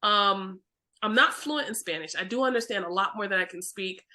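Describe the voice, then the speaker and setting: A woman hosting a podcast, chatting casually and excitably, laughing often. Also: medium pitch, moderate pace. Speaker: podcast host. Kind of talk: casual chat.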